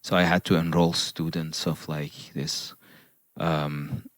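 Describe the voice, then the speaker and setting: Very deep-voiced man, halting speech. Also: level tone, no echo, studio quality. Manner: halting, searching for words. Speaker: podcast co-host. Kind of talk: casual chat.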